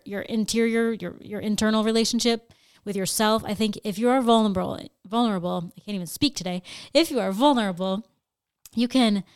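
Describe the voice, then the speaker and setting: A sincere woman chats on a podcast, her voice smooth and clear. The sound is dry and close, with no room echo. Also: mid-range voice. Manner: sincere, chatty, uses "like" and restarts. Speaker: podcast co-host. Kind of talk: casual podcast talk.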